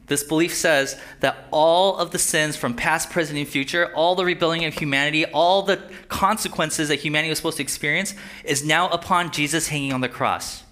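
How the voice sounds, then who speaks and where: A man's voice: fairly high pitch, brisk, sharp tone. A man preaching a sermon in a conversational way, checking in with his listeners through rhetorical questions. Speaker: pastor.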